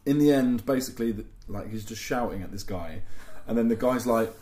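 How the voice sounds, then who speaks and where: A man's voice: medium pitch, brisk, roomy sound, a crowd in the background. Guy swearing through funny work stories. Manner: animated, swearing, laughing through anecdotes. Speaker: podcast host. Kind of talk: casual storytelling chat.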